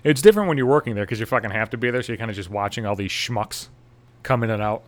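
A man's voice: lowish voice, quick pace. A young man, a podcast host, telling a crude story in a sarcastic, swear-filled monologue.

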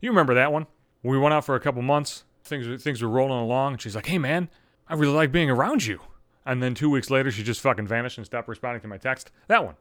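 A man's voice: medium pitch, quick pace, dry recording, studio quality. A man in his thirties telling a personal story as a podcast host, swearing freely and building into exasperated rants. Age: 30s. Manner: animated, swearing, ranting with rising exasperation. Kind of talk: profane personal storytelling monologue.

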